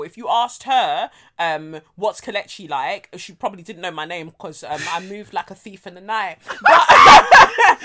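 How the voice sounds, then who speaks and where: A woman's voice: medium pitch, a little hiss or hum. Laughing woman telling a story. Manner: animated, laughing often, slangy, frank and profane. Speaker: podcast co-host. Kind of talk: casual chat, storytelling.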